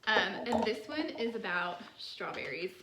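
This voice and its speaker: A woman's voice: medium pitch, animated, a little slow, reverberant, background noise. A woman hosting a poetry channel, talking through poems in a casual, chatty way, full of "like" fillers. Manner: chatty, many "like" fillers, soft laughs.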